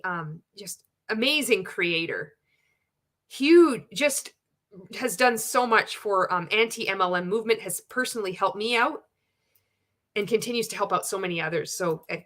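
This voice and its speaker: A woman's voice: on the low side, sharp tone. A woman hosting a live stream, reading out viewer comments and telling stories in a candid, swearing, casual way.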